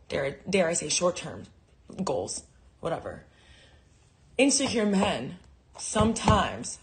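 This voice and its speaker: Lower-voiced woman doing dry stand-up. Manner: dry, self-mocking asides. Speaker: comedy show host. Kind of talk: stand-up monologue.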